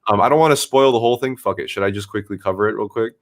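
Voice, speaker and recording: Excitable, swearing man telling a story. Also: lowish voice. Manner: excitable, swearing, quick retelling. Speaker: live streamer. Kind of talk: casual storytelling chat.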